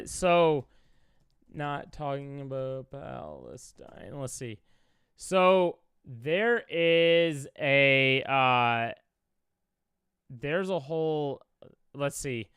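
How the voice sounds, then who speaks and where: A man's voice: medium pitch, extremely slow, a bit bright, clear, resonant tone, dry recording, clean studio sound. A young man from Chicago, a streamer reacting to clips, talking in an emotional, rambling way with many fillers.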